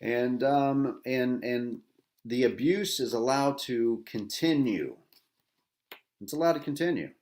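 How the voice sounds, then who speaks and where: A man's voice: medium pitch, slow, a little mellow, a little hiss or hum. A middle-aged man, a veteran host, angry and agitated, delivering a bitter, profane rant full of repetition and rhetorical "right?" tags.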